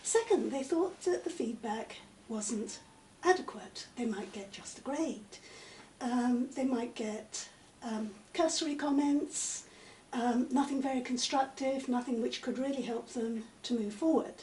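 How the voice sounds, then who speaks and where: Older woman, high mellow voice, measured academic answers, recorded far off in an echoey room. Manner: measured, articulate, many "um" pauses. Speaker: interviewee, literature professor. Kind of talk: conversational interview. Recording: echoey room, mic at a distance, faint noise.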